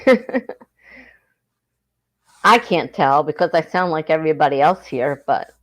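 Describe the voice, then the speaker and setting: Speaking with a deep, animated voice at a measured pace, this livestream host from southern New Jersey has a South Jersey accent. She chats casually, reads comments from viewers aloud and laughs a lot.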